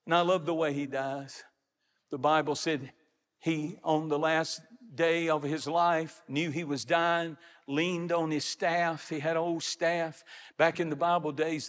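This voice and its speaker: A middle-aged man preaching a sermon as pastor, building to shouts and stretching out his phrases. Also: a little high. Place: large church sanctuary. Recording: reverberant hall. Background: congregation.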